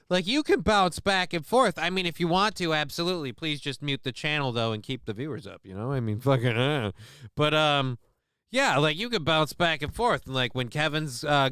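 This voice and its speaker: A man's voice: a little high, a bit bright, clear, resonant tone, no echo, studio quality. A man hosting a livestream, talking casually in a rambling, profane, self-mocking way. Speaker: livestream host.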